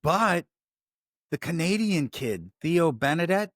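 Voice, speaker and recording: A man's voice: medium pitch, unhurried, a bit bright, no echo, studio quality. A man with a Chicago accent hosting a casual sports talk show, rambling, swearing and breaking off his own sentences. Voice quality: profane, rambling, self-interrupting. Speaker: sports podcast host.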